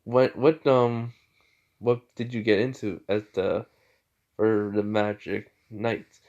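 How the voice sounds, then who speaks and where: A man's voice: lowish voice, little pitch movement, takes it slowly, a little mellow. A man voicing a brash young man who cracks puns, speaking casually in a joking way. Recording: slightly muffled lo-fi audio.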